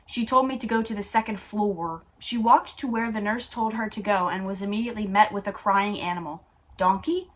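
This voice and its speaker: A woman's voice: mid-range voice, brisk, hardly any pauses, fairly bright tone. Woman reading fanfiction aloud casually. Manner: plain reading voice broken by casual comments. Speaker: fanfiction reader. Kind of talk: reading a story aloud with asides.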